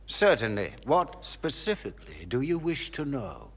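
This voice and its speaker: A man's voice: mid-range voice, sing-song, a little slow, breathy edge, exaggerated voice. A man voicing a scheming noble mage in a video game, polished and courteous in his speech. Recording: game audio with long reverb.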